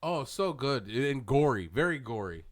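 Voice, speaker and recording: Animated, foul-mouthed male podcast co-host. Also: medium pitch, moderate pace. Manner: animated, swearing, jokey. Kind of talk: casual chat.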